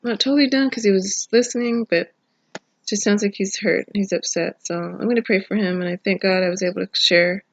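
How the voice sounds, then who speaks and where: A woman's voice: mid-range voice, fairly even intonation, fairly quick. A middle-aged woman sharing an emotional, prayerful personal testimony in a video diary, tearful and rambling at times. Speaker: vlogger. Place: home. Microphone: phone camera.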